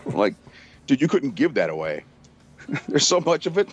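Animated, foul-mouthed male podcast host. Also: medium pitch, moderate pace, pauses often, breathy edge. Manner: crude, rambling storyteller who acts out quotes. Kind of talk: casual chat.

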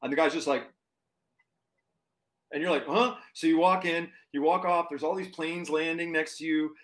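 A man telling a story in casual chat, animated and full of fillers and restarts. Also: on the high side, normal speed. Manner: animated, lots of fillers and restarts, acts out quotes. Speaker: touring performer guest.

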